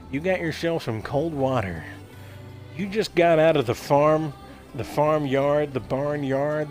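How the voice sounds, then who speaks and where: A young man talks while he plays a game, rambling through a silly monologue. He stammers and repeats words as he goes. His voice sits a little high, with faint music in the background. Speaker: gaming streamer.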